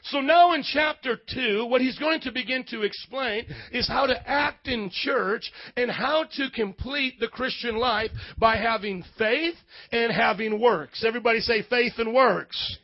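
A male pastor preaching a sermon, animated and leading call-and-response with his congregation. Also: very high voice, measured pace, muffled recording.

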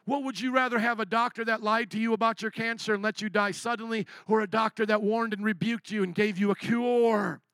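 A man preaching a sermon as pastor, impassioned, swinging between loud declarations and hushed asides. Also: very high voice, no echo.

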